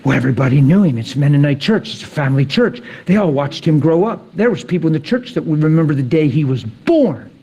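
A man preaching a sermon, telling stories dramatically, sinking to a whisper and then rising to excited peaks. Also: a little high, fast talker, hardly any pauses, breathy edge, dull audio.

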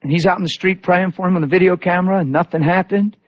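A male preacher delivering a sermon, telling stories in a lively way and acting out the people he quotes. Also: high-pitched, fast talker, dry recording. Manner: animated storytelling with voiced quotes. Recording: dull lo-fi recording.

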